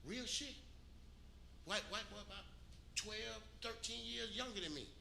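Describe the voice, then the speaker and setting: Bright-voiced man telling a story. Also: sits high, a little slow, vocal fry. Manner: profane, emphatic, keeps asking "you know what I'm saying". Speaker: radio show co-host. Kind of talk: casual storytelling chat. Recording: roomy echo with faint noise.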